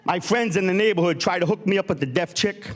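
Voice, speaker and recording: A man from Rhode Island doing a stand-up routine on a theatre stage, landing punchlines deadpan. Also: fast, a faint crowd, slight background noise. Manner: deadpan punchlines, voice swinging high and low. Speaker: stand-up comedian.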